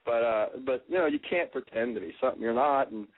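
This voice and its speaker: A man's voice: mid-range voice, fast. A man from Texas with a Southern accent, chatting as a guest on a radio interview, laid-back and joking, swearing casually. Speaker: guest musician. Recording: tinny phone line.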